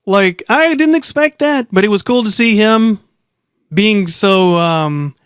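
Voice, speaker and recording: Young man, high voice, dry close sound, casual opinionated recap, rambling. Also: takes it slowly, a bit bright, clear, resonant tone, no echo. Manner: opinionated, rambling, frequent restarts. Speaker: wrestling show reviewer.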